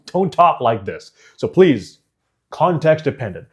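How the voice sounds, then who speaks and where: Animated man teaching public speaking. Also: mid-range voice, unhurried. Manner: demonstrative, swings pace and volume from loud to whisper; emphatic, direct. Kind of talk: teaching course.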